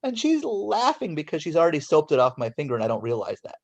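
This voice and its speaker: This fortysomething Angeleno guest speaks fast in a fairly high voice with vocal fry. He tells a story from his childhood in a lively way, acting out the voices.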